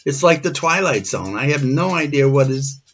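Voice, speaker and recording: A man's voice: medium pitch, expressive, moderate pace, a bit bright, slight background noise. Shaken man in his forties, lo-fi. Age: 40s. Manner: shaken, earnest retelling. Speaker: storyteller. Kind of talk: personal story narration. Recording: dull lo-fi recording.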